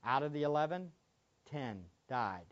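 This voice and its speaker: Male pastor, sermon delivery, swings between hushed asides and loud emphasis, slightly dull recording. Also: fairly high pitch, expressive, measured pace.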